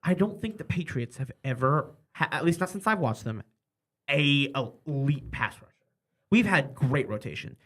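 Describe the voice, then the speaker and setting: Animated man in casual sports chat. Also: on the high side. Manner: animated, argumentative, quick asides. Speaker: podcast co-host.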